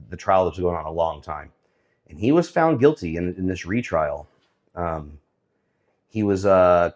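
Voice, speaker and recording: A man giving casual, sarcastic commentary on the week's news, often pausing with fillers. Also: sits low. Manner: sarcastic, hesitant with many fillers.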